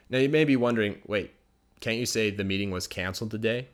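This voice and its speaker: A young American man teaching English phrases, explaining patiently and slowing down to show pronunciation. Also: lowish voice. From United States. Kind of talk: bilingual teaching video.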